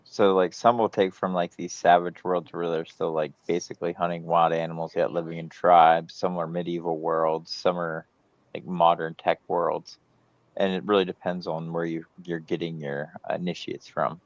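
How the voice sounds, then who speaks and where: Man, very low voice, dull lo-fi sound, chatty explainer with lots of fillers. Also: level tone, moderate pace, dry recording. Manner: explains at length with many fillers. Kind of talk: casual livestream chat.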